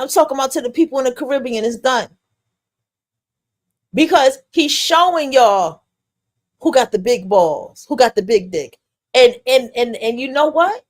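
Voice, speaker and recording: A woman hosting a podcast, giving blunt, profane live reaction commentary in loose slang. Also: high voice. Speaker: podcast host.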